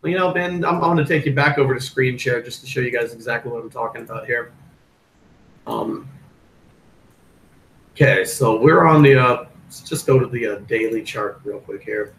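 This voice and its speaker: A man's voice: medium pitch, normal speed, fairly bright tone, roomy sound, a little hiss or hum, poor audio. A man hosting a live crypto stream in a casual, rambling way, with plenty of fillers and restarts. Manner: rambling, loose, with many fillers.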